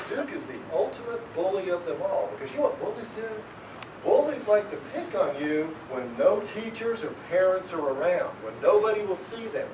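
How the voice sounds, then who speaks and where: A man, a children's author, giving a lively, expressive talk to schoolchildren and asking them questions. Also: high voice, normal speed, slight background noise. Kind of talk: animated talk and reading to schoolchildren. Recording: echoey school room, far from mic. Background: children in the audience.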